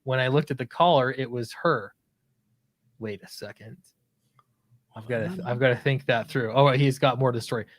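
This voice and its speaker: A man's voice: mid-range voice, normal speed, pauses often. A man co-hosting a podcast who tells an embarrassing story in a casual, self-mocking way, often breaking into laughter and restarting his sentences. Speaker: podcast co-host.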